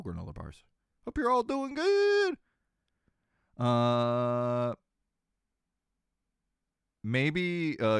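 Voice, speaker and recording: A man's voice: medium pitch, a bit bright, smooth, no room sound, studio quality. A man with a slight Southern American twang chatting casually with viewers on a live stream, rambling and joking and laughing between sentences. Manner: rambling, jokey, often laughing mid-sentence.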